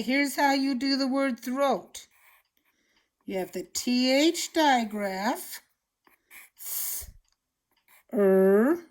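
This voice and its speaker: Slow, patient phonics teacher woman. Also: fairly high pitch. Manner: slow, patient, clearly enunciating words. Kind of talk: children's phonics lesson.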